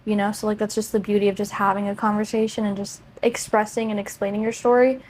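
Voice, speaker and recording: A woman's voice: medium pitch, little pitch movement, fast talker, a little mellow, a little hiss or hum. A woman co-hosting a podcast, chatting casually in an enthusiastic, supportive way. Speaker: podcast co-host. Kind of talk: casual chat.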